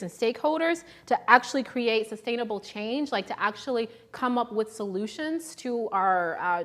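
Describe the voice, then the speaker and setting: A woman's voice: on the high side, a bit bright. A young adult woman hosting a live shopping show, chatting casually and upbeat, often restarting her sentences.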